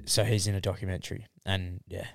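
A man's voice: deep voice, flat delivery, fast, creaky, dry recording, clean studio sound. A young man, co-hosting a casual podcast and chiming in with short, laid-back remarks. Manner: laid-back, short interjections, often quiet. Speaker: podcast co-host. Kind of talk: casual chat.

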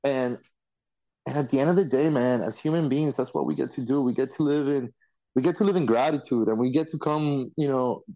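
A man speaking as a podcast guest in casual chat, talking in an effusive, excitable, loose and profane way. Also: mid-range voice, a little fast. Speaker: reality show alumnus guest. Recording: dull lo-fi sound.

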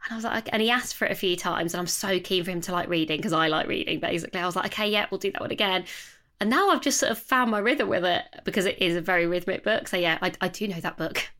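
Chatty woman co-host, low voice. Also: quick pace, hardly any pauses, sharp tone. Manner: chatty, thinks aloud with restarts. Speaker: podcast co-host. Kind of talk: casual chat about books.

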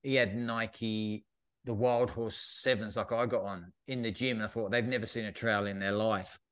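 Male co-host, low voice, animated storyteller. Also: normal speed, smooth. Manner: animated storyteller, mimics shop staff with raised pitch. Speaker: podcast co-host. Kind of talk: casual chat.

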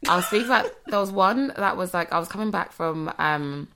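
Low-voiced young woman. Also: animated, fairly bright tone. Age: young adult. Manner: chatty, agreeable, quick reactions. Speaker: podcast co-host. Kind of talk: casual chat.

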